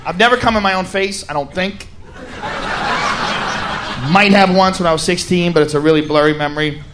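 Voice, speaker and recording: A young man performing a crude stand-up routine on a handheld mic, lively and animated, breaking into loud shouts. His voice sits high for a man. Steady noise fills the live venue around him. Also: a little fast. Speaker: stand-up comedian. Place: comedy stage before a live audience.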